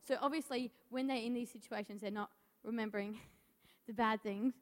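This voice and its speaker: A young woman, a nervous first-time youth preacher, stumbles through scripture with restarts while giving a church message in a reverberant church hall. Her voice is fairly high, with a steady tone at normal speed.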